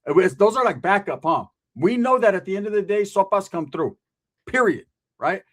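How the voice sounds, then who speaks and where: A man with a notably high-pitched voice tells a story in rough street slang. He is animated and swears constantly, and he chuckles at his own jokes as he goes. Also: normal speed. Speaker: storyteller, ex-convict. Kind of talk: casual profane storytelling.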